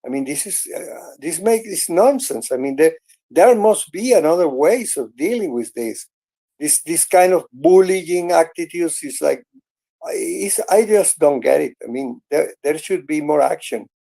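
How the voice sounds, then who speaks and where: A man speaks earnestly in halting stops and restarts. His voice sits a little high for a man, with a mellow, dark tone and a gravelly edge. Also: animated. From Venezuela. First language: Spanish. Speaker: host. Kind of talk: casual chat in an online audio room.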